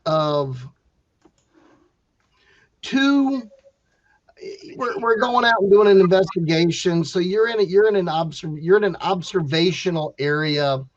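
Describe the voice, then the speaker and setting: A man's voice: sits high, measured pace, pauses often, no echo, lo-fi sound. A man who is a psychic medium, a guest on a podcast, explaining his views in a matter-of-fact way during casual chat.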